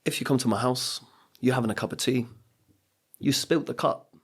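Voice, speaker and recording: A man's voice: medium pitch, normal speed, long pauses, slightly rough. A middle-aged man, a coach and speaker, telling personal stories on a podcast in an earnest, motivational way. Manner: earnest, motivational, acts out quotes. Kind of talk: reflective podcast storytelling.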